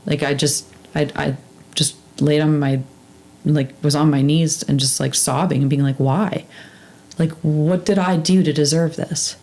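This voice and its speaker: A woman with a notably low voice talks through a casual, heartfelt podcast conversation. She is earnest and halting, full of fillers and restarts. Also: creaky, dark tone. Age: adult with two daughters.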